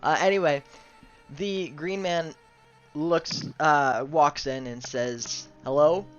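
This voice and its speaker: A man's voice: fairly high pitch, slow, fairly bright tone, smooth, faint music behind. A man narrating as game master in a chatty, loose way with lots of likes and ums, on muffled lo-fi audio.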